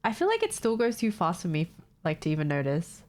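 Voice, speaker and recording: A young woman streaming from home with a congested, nasal voice from a cold. She chats loosely with her viewers, swears casually and laughs a lot, her voice sitting a bit low. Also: wildly swooping pitch, a little fast. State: stuffed-up nose from a cold.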